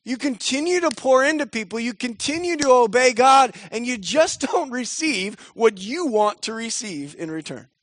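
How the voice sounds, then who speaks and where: A man's voice: extremely high pitch, lively intonation, normal speed, hardly any pauses, a bit bright, a little hiss or hum. A young man preaching a sermon in a casual, joking manner, slipping into quoted voices. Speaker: pastor.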